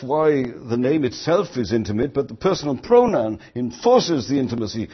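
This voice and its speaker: A man's voice: medium pitch, lively intonation, moderate pace, few pauses, breathy edge, muffled recording. An older man preaching a sermon, earnest, rising to emphatic quoted lines.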